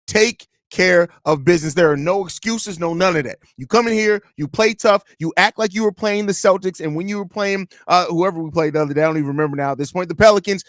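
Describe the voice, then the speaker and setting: A man's voice: high-pitched, fast talker, hardly any pauses, no echo, studio quality. A man hosting a sports pregame show, delivering a heated, profane rant with lots of repetition. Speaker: podcast host.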